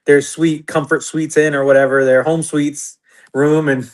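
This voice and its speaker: Halting man, slightly higher voice. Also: level tone. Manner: halting, filler-heavy, frequent "like". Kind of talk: casual chat.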